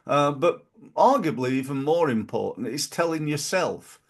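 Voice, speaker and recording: A middle-aged man, hosting a podcast in a casual motivational monologue and jumping his pitch up to stress key phrases. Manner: animated, punches quoted catchphrases with big pitch jumps. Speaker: podcast host.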